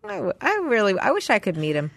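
A woman's voice: medium pitch, huge pitch swings, fast talker, creaky, no echo. A woman co-hosting a podcast in casual chat, blunt and enthusiastic, swearing freely. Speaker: podcast co-host.

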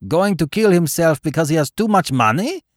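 A man voicing a middle-aged male baron, loud, excitable and hearty. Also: lowish voice, measured pace, no room sound, studio quality, full character voice. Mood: tickled.

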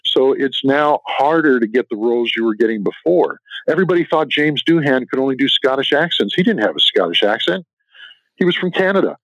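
A man's voice: medium pitch, expressive, a little fast, a bit bright, dry recording. Guy in an interview rambling through detailed stories, muffled lo-fi audio. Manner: detailed anecdotal storytelling. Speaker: author guest. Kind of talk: interview answers. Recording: dull lo-fi dry recording.

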